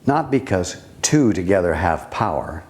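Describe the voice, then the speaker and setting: A man giving a spiritual teaching talk, speaking deliberately with long pauses and rhetorical questions. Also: low-pitched, sing-song, darkish tone.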